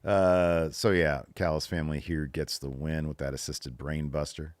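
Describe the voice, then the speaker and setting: A man's voice: very deep voice, level tone, normal speed, no echo. A man co-hosting a wrestling podcast, chatting loosely with plenty of fillers. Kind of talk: casual recap chat.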